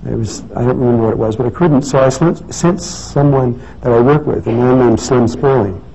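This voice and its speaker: A man's voice: mid-range voice, fairly quick, gravelly, mellow. A man telling a story in a casual talk, rambling with many restarts and fillers. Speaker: speaker giving a talk. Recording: dull lo-fi recording with faint noise.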